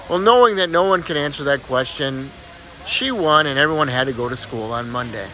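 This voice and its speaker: A man with a fairly high voice that swings widely as he tells jokes to friends. His delivery is animated and casual, and he laughs along at his own punchlines. Faint noise hangs behind him. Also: brisk. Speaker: joke teller. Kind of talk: casual joke telling.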